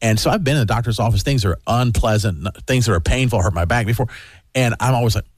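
A man's voice: mid-range voice, quick pace, no room sound. A middle-aged man hosting a radio show who tells a story in casual chat and acts out other people's lines.

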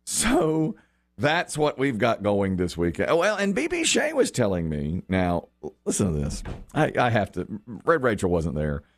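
A man's voice: fairly low pitch, normal speed. A middle-aged man hosting a radio show, chatting casually and telling stories while acting out the voices of people he quotes. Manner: animated storyteller who acts out quoted voices. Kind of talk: casual on-air chat.

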